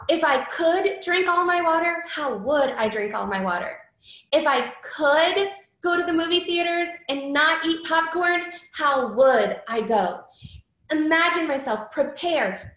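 A high-voiced woman in her thirties leads a live motivational call, earnest and encouraging as she shares her own stories. Her voice carries a roomy echo. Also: a bit bright. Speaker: wellness coach hosting a live call.

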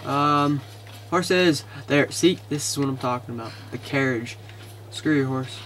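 A man casually commentating his video game, excitable and easily frustrated, muttering to himself. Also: mid-range voice, measured pace. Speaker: gamer.

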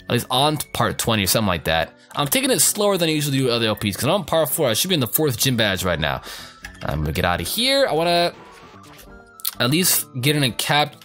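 Animated, joking young man narrating gameplay. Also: mid-range voice, quick pace. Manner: profane, joking, rambling, reacts loudly. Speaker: let's play gamer. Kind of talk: casual gameplay commentary. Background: faint game music.

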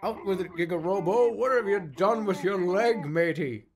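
A man's voice: high voice, moderate pace, crowd noise, voice pushed up. A man doing a blustering pirate. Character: gruff swaggering male pirate.

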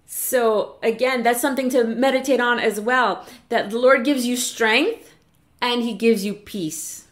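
A woman preaching a chapel message, earnest and encouraging, slowing down to read scripture aloud. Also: a little high. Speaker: chapel speaker. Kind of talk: sermon.

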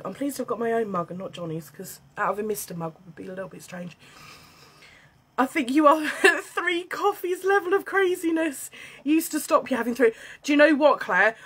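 High-pitched British woman, bubbly and excitable, chatty livestream host. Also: breathy edge. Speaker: livestream host selling beauty and wellness kits. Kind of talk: casual livestream chat. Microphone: phone.

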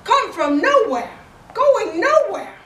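A woman's voice: very high voice, big pitch swings, slow, pitched above the performer's own voice, heavily acted. A woman voicing an exuberant, awestruck old male poet who calls out each word with delight. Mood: exultant. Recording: roomy, distant, noisy event recording.

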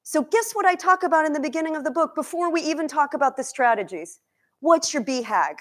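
A woman nutrition coach and cookbook author from Egypt, giving a lively talk to a live audience in a demo kitchen, asking them questions. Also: high voice, a little fast. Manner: energetic, questions the audience, emotional.

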